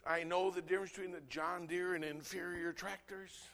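A man, a pastor, preaching an impassioned sermon that swings between loud outbursts and low, earnest asides. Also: fairly even intonation, moderate pace, vocal fry. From United States.

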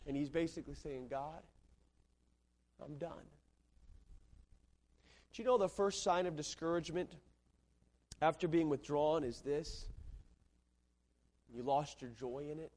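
A man's voice: a little high, normal speed, long pauses, darkish tone. A man preaching a sermon with rising fervor and repeated phrases. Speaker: pastor.

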